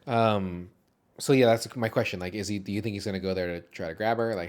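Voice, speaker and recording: A man's voice: lowish voice, fairly quick, darkish tone. Loose, profane male podcast co-host. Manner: loose, profane, laughs often. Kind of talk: casual movie discussion podcast.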